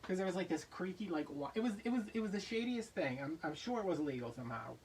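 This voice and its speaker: A man hosting a craft vlog, telling a story in a casual, animated way and acting out voices in his anecdotes. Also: sits high, fast, recorded from a distance, slight background noise, low-quality recording. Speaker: craft channel host.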